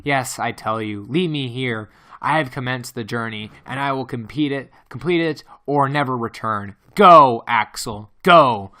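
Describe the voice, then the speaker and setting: A man's voice: mid-range voice, slow, pushed and bright. A man reading as a stern old professor. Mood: stubborn. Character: stern elderly male professor, obstinate uncle.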